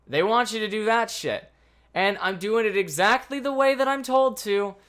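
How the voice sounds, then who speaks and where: A man telling a casual storytime vlog in an animated, anxious way, swearing freely. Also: high voice, moderate pace. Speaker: vlogger.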